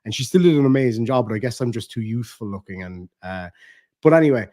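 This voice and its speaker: Irish male comedian, mid pitch, loose and animated storyteller on a stream, salty language. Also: quick pace. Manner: swears freely, animated and chatty, laughs at his own stories. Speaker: comedian and online creator. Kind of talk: casual storytelling on a live stream.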